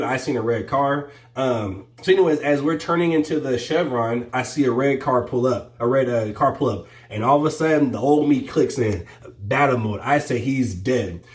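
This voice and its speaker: A man's voice: mid-range voice, far from the mic. Man, casual story time, lots of ums and restarts, roomy echo, off-mic. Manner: animated storytelling with many fillers.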